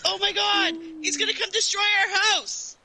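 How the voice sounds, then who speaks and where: A woman's voice: extremely high pitch, normal speed, sharp tone. A young woman playing a survival game, screaming, swearing and panicking as enemies chase her. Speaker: gamer. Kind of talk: screaming live gameplay reactions.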